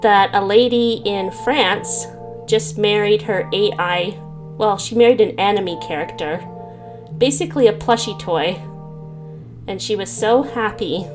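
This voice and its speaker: A woman playing through a story game and reading it aloud, laughing at herself between lines. She talks slowly and unhurriedly, with faint music playing underneath. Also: medium pitch. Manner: giggly, self-mocking asides. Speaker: gaming channel host. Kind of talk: reading a visual novel aloud with commentary.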